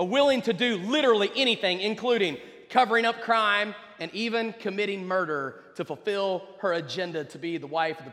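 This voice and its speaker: A man's voice: sits high, fairly bright tone. A man preaching a sermon in a conversational way, speaking straight to the congregation. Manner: conversational, addresses the congregation directly. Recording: long hall reverb.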